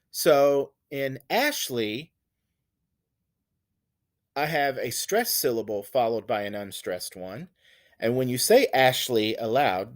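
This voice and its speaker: Male lecturer, mid-pitched, very slow and deliberate, over-stresses example words for a poetry class. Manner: slow, explanatory, repeats examples with exaggerated stress. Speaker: teacher.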